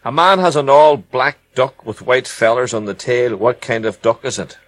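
A man's voice: medium pitch, moderate pace, a crowd in the background. A man co-hosting a radio show, reading out listener questions in a dry, matter-of-fact way. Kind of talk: casual radio chat.

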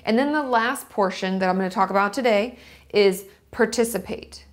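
A woman's voice: medium pitch, normal speed. A woman talking casually to her camera, explaining step by step and checking her notes as she goes. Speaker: vlogger. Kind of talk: casual teaching monologue to camera.

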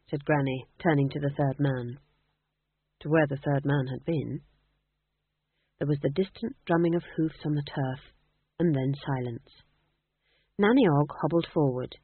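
A narrator reading a fantasy story aloud with expressive storytelling. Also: mid-range voice, normal speed, breathy edge, no echo. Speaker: audiobook narrator. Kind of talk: scripted narration. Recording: dry tinny phone-like audio.

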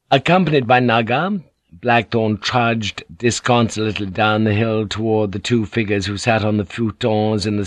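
A man narrating an audiobook in a measured, even storytelling manner. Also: fairly low pitch, no echo.

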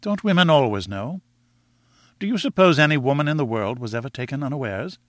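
A man reading aloud voices a proud, composed young woman who gently reproves and reasons with her suitor. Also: medium pitch, lively intonation, a little fast, no room sound, clean studio sound, lightly acted.

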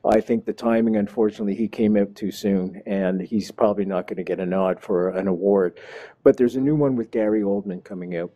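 Dark-voiced enthusiastic male show host. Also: on the low side. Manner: enthusiastic, showman-like, addresses the audience directly.

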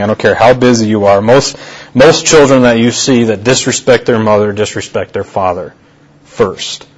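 A male pastor preaching a sermon in a conversational way, repeating key phrases for emphasis. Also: mid-range voice. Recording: dull lo-fi sermon recording.

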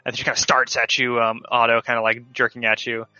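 A man's voice: mid-range voice, monotone, a little fast, sharp tone, clean tone, no room sound. A man narrating a tabletop game online as game master, loose and full of fillers, over dull lo-fi call audio.

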